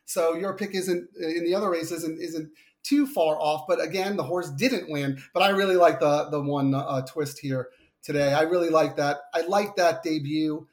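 Man, Long Island accent, racing handicapper, relaxed rambling talk, a bit high-pitched. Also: moderate pace. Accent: Long Island New York. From Long Island, New York. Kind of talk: casual analysis chat.

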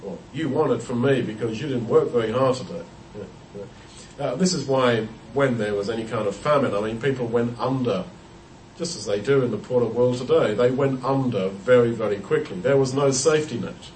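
A man's voice: mid-range voice, normal speed, a little mellow, a little hiss or hum. Man teaching Bible study, roomy and distant. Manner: thoughtful, explanatory, with frequent restarts and repeated words. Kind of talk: unscripted Bible study talk. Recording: roomy echo, heard from a distance.

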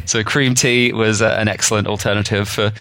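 A man's voice: fairly low pitch, little pitch movement, a little fast, a bit bright, no echo, studio quality. A man, co-hosting a podcast and explaining food history in a rambling, chatty way. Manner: rambling, chatty storytelling with fillers. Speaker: podcast co-host. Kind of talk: casual explanatory chat.

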